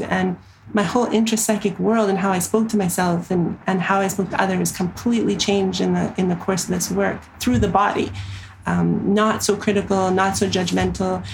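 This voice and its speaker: Woman, 30s, therapist being interviewed, animated and earnest, some gravel in the voice, faint hiss behind. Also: medium pitch, poor audio. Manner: earnest, animated storytelling with frequent fillers. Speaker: somatic therapist. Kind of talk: interview storytelling.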